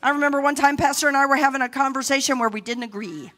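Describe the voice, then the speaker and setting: A middle-aged woman pastor preaching a sermon boldly, rising to shouts between laughing asides. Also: high voice, rapid-fire.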